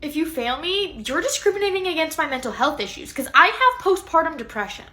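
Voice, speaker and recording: A woman's voice: high-pitched, big pitch swings, brisk, bright, forceful tone, heavily acted. A woman voicing an entitled teen student who demands a better grade. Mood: insistent. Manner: whiny, insistent.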